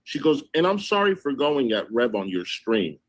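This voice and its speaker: A man's voice: medium pitch, very animated, normal speed. A man hosting a livestream, casually recounting and reading out text messages in an indignant tone. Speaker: livestream host.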